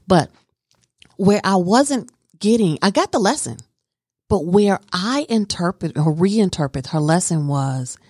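A woman with a low voice tells her story to an interviewer. She speaks with earnest conviction and stresses her points. The sound is dry and close. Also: darkish tone, husky, no room sound. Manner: earnest and emphatic, talks with conviction. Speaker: guest.

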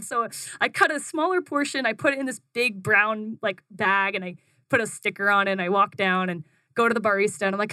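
A young woman with a bright, clear voice, recorded close in a dry space. She talks in a casual, chatty way, full of "like," and tells her story with lots of energy. When she quotes herself, her voice jumps higher. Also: fairly quick, no echo. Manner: animated, acts out her own quotes in a higher voice, frequent "like". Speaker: guest, food business founder.

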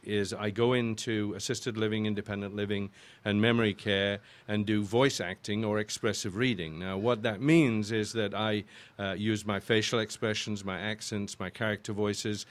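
A man's voice: fairly low pitch, steady tone, moderate pace. An older man from Yorkshire with an English accent, a voice actor chatting as a guest in an interview and rambling through his stories with restarts. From Yorkshire, northern England. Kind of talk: casual interview chat.

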